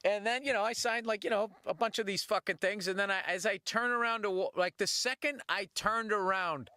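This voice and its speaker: A man's voice: sits high, brisk, no room sound. A middle-aged man hosting a podcast, telling stories casually with lots of swearing and acted-out voices. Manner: profane, animated, puts on voices while telling stories. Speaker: podcast host. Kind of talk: casual comedic storytelling.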